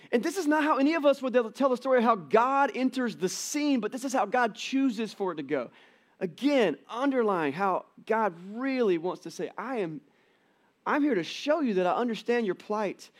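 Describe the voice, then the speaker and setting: A man preaching a sermon to his church in a conversational, animated way, with jokey asides. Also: high voice. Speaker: pastor.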